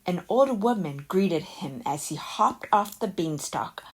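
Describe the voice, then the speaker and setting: A woman narrating a children's picture book aloud in a calm, unhurried storytelling manner. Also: fairly low pitch, husky.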